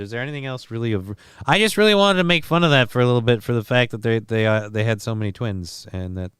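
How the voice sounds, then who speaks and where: A man's voice: mid-range voice, a bit bright, clean tone, no echo, clean studio sound. Sarcastic rambling male streamer. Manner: rambling, sarcastic, swears freely. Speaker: host. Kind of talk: casual comedic news commentary stream.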